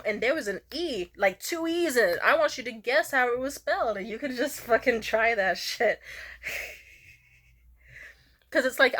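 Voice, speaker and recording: A young woman chats through a casual storytime with a fairly high voice. She is animated and profane. She slips into squeaky high voices whenever she quotes people. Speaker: vlogger.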